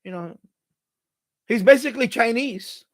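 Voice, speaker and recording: Male live-streamer, exasperated and profane, very high pitch, casual rant. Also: unhurried. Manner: exasperated, swears freely. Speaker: radio hobbyist live-streamer. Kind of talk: ranting live-stream chat.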